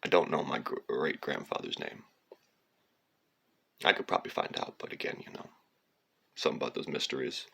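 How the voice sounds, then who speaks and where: A man's voice: a bass voice, big pitch swings, brisk, vocal fry, long pauses, a bit bright, husky. A man telling a digressive, profane story in a rambling monologue. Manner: digressive, profane, slips into sung lines and mocking voices.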